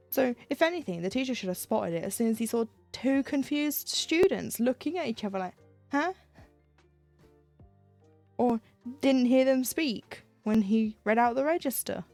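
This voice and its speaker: A young woman tells meandering school stories in a relaxed, casual chat as she stitches on stream. Her voice is mellow and dark with a gravelly edge. Soft music plays faintly behind her. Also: on the high side, no echo. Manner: rambling storytelling with laughs and self-quoting. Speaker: livestreamer stitching cross-stitch. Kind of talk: casual chat while crafting.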